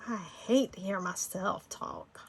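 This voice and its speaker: There's a little hiss or hum behind this slow, gravelly voice, which sits at medium pitch but swings hugely up and down. The speaker, a middle-aged woman from Florida with a Southern Georgia accent, chats and rambles through a casual screen-recorded design tutorial, laughing easily.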